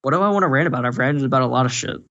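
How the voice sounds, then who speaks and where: A man's voice: mid-range voice, racing, fairly bright tone. A young man ranting casually on a podcast, rambling and profane, stopping often with fillers. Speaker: podcast co-host. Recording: dull lo-fi podcast recording.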